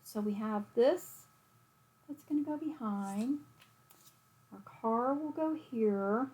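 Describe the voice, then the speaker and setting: In a casual home tutorial on card making, a woman with a somewhat high, slightly mellow voice works slowly, chatting away to herself and her dog. The recording is rough.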